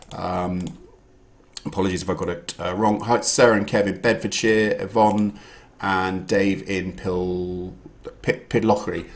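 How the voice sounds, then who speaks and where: A man hosting an online quiz, chatting casually and greeting viewers by name. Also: lowish voice. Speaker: quiz host. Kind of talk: casual live-stream chat.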